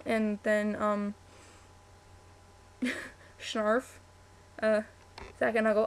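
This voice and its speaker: A woman's voice: fairly high pitch, steady tone, normal speed, long pauses. A chatty young woman, answering a word-list meme on webcam, easily distracted and full of "like" and "um". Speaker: vlogger.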